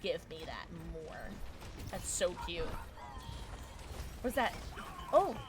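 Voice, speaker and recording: Giggly, lively woman streamer. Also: fairly low pitch, takes it slowly, background noise. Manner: giggly, chatty, excitable. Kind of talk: casual gaming livestream chat.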